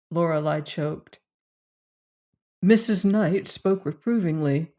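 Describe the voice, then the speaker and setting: This is a deep-voiced woman doing scripted audiobook narration. She tells the story in a steady, measured way.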